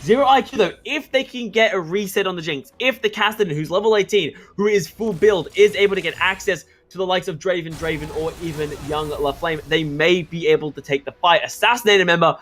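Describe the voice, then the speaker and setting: A man with an Australian accent giving excitable play-by-play commentary on a school esports match, shouting at the big plays. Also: high voice, a little fast, hardly any pauses. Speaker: esports caster.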